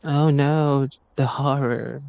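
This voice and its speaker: A man plays a drowsy young man with a wry, joking manner in a live storybook reading. His voice is gravelly with fry, and it comes through a dull, lo-fi mic. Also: medium pitch, fairly even intonation, slow, a little mellow, no echo.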